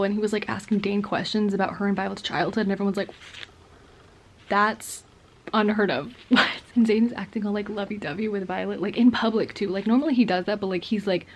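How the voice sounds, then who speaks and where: Young woman book vlogger, casual gushing recap, mid pitch, faint noise behind. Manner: chatty, gushing, full of "like" and quick voiced asides.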